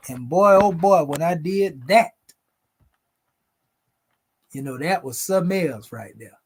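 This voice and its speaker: Male host, relaxed explanatory chat over images, slightly higher-pitched, calls his audience family. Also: measured pace, pauses often, a little hiss or hum. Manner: conversational, addresses viewers as family. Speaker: video host presenting photos. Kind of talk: casual explanatory talk over pictures.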